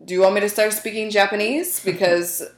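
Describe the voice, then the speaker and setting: A woman co-hosting a casual chat with friends, gushing and giggly, with quick asides. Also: medium pitch, steady tone. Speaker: podcast co-host. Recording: roomy echo.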